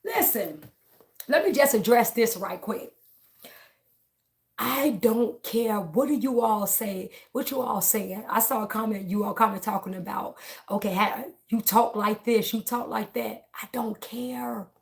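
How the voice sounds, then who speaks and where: A woman's voice: mid-range voice, unhurried. A woman, talking bluntly and defiantly to her viewers in a casual opinion vlog, repeating herself often. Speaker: political vlogger.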